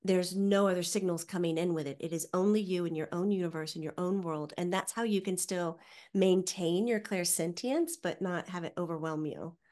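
A woman guest on a podcast, a psychic medium, chatting casually in an animated, teaching way. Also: lowish voice, normal speed. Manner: animated, teaching tone, acts out quoted voices.

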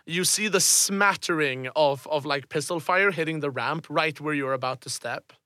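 A man's voice: a little high, normal speed, sharp tone, no room sound, clean studio sound. A man narrating a tabletop role-playing game as game master, rambling and restarting often as he describes scenes. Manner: rambling, full of fillers and restarts.

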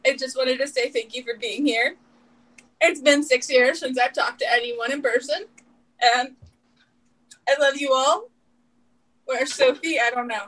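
A woman's voice: sits high, a bit bright, poor audio. A woman co-hosting a podcast, chatting in a playful, teasing way. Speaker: podcast co-host. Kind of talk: casual chat.

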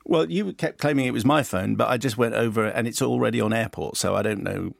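A man's voice: medium pitch, brisk, vocal fry, dry recording, clean studio sound. A man co-hosting a radio film show, trading wry, teasing banter. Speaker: radio co-host. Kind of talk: radio film review chat.

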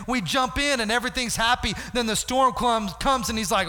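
A man preaching a lively sermon to a congregation, acting out voices from Bible stories and asking for responses. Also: very high voice, a little fast, few pauses. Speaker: pastor. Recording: hall reverb.

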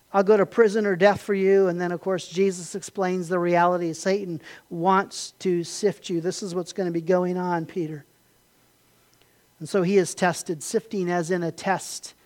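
A man preaching a sermon, building to emphatic peaks and then dropping to quiet retelling. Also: high voice. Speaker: pastor.

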